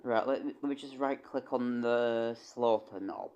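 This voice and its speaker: A man's voice: mid-range voice, a little slow, a little mellow, clear, resonant tone, dull audio. A young man, chatting casually on a livestream, rambling with stammered restarts and casual swearing. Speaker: streamer and composer.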